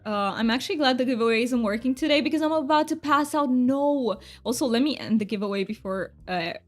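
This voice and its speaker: A woman's voice: high voice, a little fast, faint music behind. A woman game streamer chatting casually with her viewers, self-deprecating and thanking chat.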